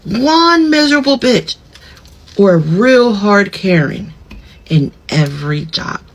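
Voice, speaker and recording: Slow, lively, blunt ranting woman. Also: medium pitch, slight background noise, poor audio. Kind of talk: casual ranting vlog.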